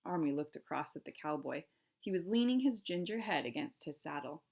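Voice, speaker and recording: A woman's voice: sits low, a little fast. A woman teacher reading a novel aloud to her class, with short explaining asides. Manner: steady storytelling with classroom asides.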